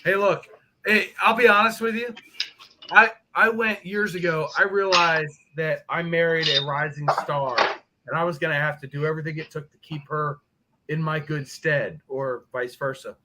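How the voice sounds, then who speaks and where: A man's voice: fairly high pitch, steady tone, moderate pace, very noisy. A man chatting casually on a live stream, telling profane joking stories. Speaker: guest on a motorcycle live stream.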